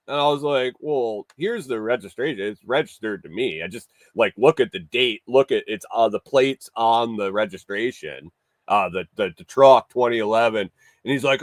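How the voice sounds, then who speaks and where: A man's voice: medium pitch, moderate pace, no echo. A man hosting a casual morning show, telling a long rambling story, often restarting and acting out what people said. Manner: rambling, swears, restarts and acts out quotes.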